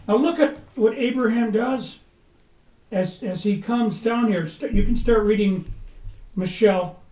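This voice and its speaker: A man preaching a sermon with passion, rising to loud urgency and dropping to a hush. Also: high-pitched, measured pace. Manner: impassioned, swings from loud to hushed. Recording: echoey room, mic at a distance.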